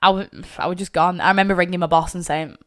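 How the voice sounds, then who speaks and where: A woman's voice: on the low side, steady tone, quick pace. A young woman, hosting a podcast, telling a personal story bluntly and with frequent swearing, tearful at times. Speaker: podcast host.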